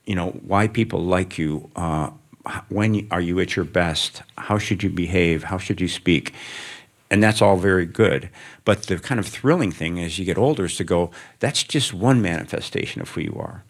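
Very deep-voiced older man, reflective. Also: normal speed. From American Midwest. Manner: reflective, anecdotal, gently humorous. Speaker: author guest. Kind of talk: onstage conversation before an audience.

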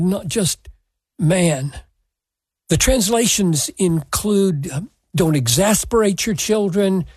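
A man teaches from Scripture at an unhurried pace, leaning on key words with measured emphasis. His voice is husky, and the sound is close and dry with no room echo. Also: high voice, darkish tone. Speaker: Bible teacher. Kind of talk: Bible teaching.

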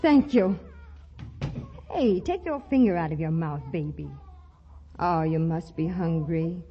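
An actress playing a pert young shop clerk with a chirpy, quick-witted manner, in 1940s radio acting on a dull old broadcast recording. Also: female voice, fairly low pitch, animated. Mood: flustered.

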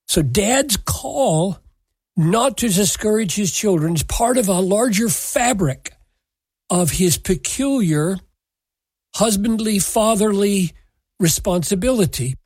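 This is a Bible teacher giving a measured scriptural lesson, weighing each phrase with deliberate emphasis and quoting verses word for word. The voice is slightly husky and the pace is very slow. The sound is dry and close, with no room behind it. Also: medium pitch, darkish tone, no echo. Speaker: Bible teacher answering a listener question.

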